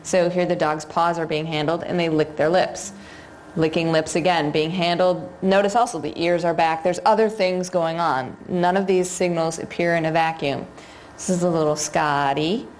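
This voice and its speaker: A woman with a lowish voice leads a seminar, chatting with the room and asking it questions. She talks loosely, with fillers and restarts. A faint hiss runs under her voice. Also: fairly even intonation, normal speed, a little mellow. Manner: conversational, addresses audience, many fillers. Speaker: seminar instructor on dog behavior. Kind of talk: live seminar lecture.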